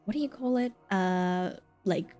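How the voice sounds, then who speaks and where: A woman's voice: medium pitch, measured pace, mellow. A woman streaming, chatting casually and jokily with plenty of fillers and giggles, with faint music behind her. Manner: rambling, jokey, lots of fillers and giggles.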